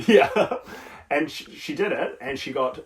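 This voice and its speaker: A man's voice: on the high side, lively intonation, measured pace, noisy background. A man co-hosting a podcast in casual chat, easygoing and agreeable, chipping in with film trivia. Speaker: podcast co-host.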